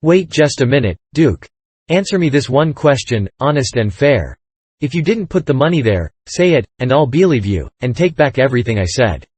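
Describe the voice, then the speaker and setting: A man's voice: medium pitch, sing-song, normal speed, a little mellow, husky, no echo. A man reading aloud, voicing a sly, sarcastic old male con-man king who wheedles. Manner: sarcastic, then pleading.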